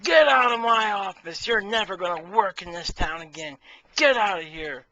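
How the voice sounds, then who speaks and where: A man voicing a vain, quick-tempered male boss with no ears who shouts in outbursts. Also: a little high, dry recording, muffled recording. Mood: furious. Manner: shouts in outbursts, then gushes.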